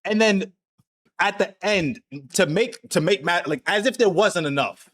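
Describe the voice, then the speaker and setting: A man's voice: sits high, unhurried, fairly bright tone. A man hosting an anime discussion, telling the plot in casual, slangy speech full of swearing and laughter. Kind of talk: casual chat, recapping an anime.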